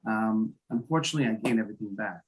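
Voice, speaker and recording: A man's voice: fairly low pitch, fast, low-quality recording. A man being interviewed as the founder of a volunteer emergency service, telling a story with many restarts and repeated words. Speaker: guest, founder of an emergency medical volunteer group.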